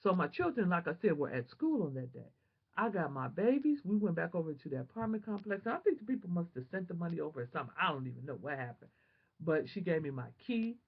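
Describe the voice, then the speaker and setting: A woman vlogger telling a personal testimony in an animated, emotional, prayerful way, on a dull lo-fi home recording. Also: lowish voice, fast talker, breathy edge.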